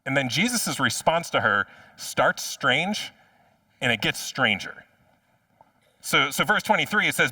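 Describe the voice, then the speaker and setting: Bright-voiced male pastor preaching. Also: mid-range voice, very animated, measured pace, long pauses, breathy edge, no echo, distant mic. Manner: conversational, often repeats words as he restarts. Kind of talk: sermon. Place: church.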